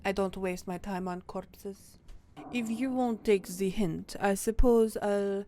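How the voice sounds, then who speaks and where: A woman's voice: mid-range voice, steady tone, slow pace, warm tone, a little hiss or hum, lightly acted. A woman voicing a haughty female house cat with a put-on French accent, reading the cat's lines in a game in a disdainful, insulting way. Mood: contemptuous. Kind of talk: game voice-over read aloud.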